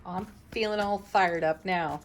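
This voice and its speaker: A woman host giving a daily tarot reading, speaking in a slow, soothing and affirming way, with soft laughs between cards. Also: lowish voice, a little hiss or hum. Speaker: tarot reader, channel host.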